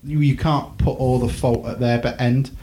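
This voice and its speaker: A man's voice: mid-range voice, little pitch movement, normal speed, dark tone, slight background noise. A man co-hosting a podcast in easygoing chat. He rambles, trails off into fillers and makes fun of himself as he goes. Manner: rambling, self-mocking, lots of fillers. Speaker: podcast co-host. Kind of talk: casual chat.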